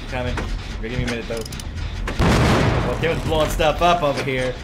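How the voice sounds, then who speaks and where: A woman playing a horror game with a friend, often shrieking, yelling and cackling in playful, teasing banter. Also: very deep voice, fairly quick, heavy background noise. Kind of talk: screaming let's-play banter. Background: game music.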